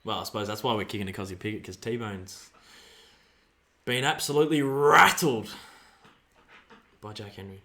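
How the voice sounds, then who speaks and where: An Australian man giving live fan commentary on a football match, excitable, shouting player names and dropping to mutters. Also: lowish voice, moderate pace, pauses often. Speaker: fan streamer.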